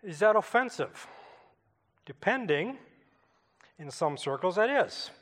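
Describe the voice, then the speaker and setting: A man's voice: sits high, big pitch swings, takes it slowly, fairly bright tone, in a large hall. A Canadian man preaching a sermon in a church, telling a personal story in a conversational way and asking the congregation questions. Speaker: pastor.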